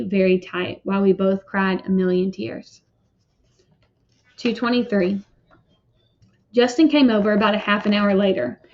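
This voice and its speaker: A woman's voice: mid-range voice, darkish tone. A woman reading a children's novel aloud with earnest feeling and brief apologetic asides. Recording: muffled lo-fi recording.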